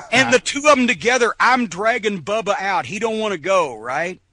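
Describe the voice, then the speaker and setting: A middle-aged man, a former wrestler and podcast guest, telling stories in a casual, animated, profane way and acting out the voices of the people in them. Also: sits high, moderate pace, no echo. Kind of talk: casual storytelling. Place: podcast studio.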